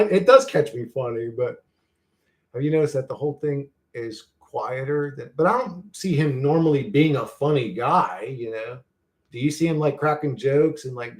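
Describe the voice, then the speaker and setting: A man hosting a casual livestream, reading chat comments and ranting in a profane, heated, rambling way. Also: a little high. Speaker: channel host reading live chat.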